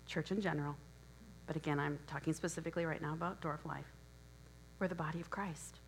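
A middle-aged woman preaching a sermon in a church, hoarse and losing her voice, earnest and encouraging, often clearing her throat. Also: low voice, steady tone, fast talker, slight background noise, rough recording. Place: church sanctuary.

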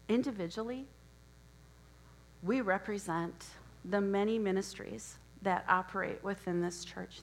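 A middle-aged woman preaching a sermon in a church, hoarse and losing her voice, earnest and encouraging, often clearing her throat. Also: mid-range voice, a little slow, poor audio. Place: church sanctuary.

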